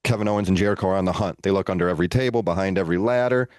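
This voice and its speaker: A man co-hosting a podcast, telling a long story in an animated, relaxed way with playful asides. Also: low-pitched, very fast, smooth, no echo, clean studio sound. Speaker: podcast co-host. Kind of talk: casual storytelling.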